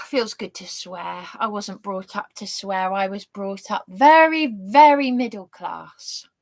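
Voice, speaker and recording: A woman's voice: medium pitch, slow pace, hardly any pauses, no room sound. A woman in her thirties giving an indignant, sweary, sarcastic rant on a livestream. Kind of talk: angry monologue on a livestream.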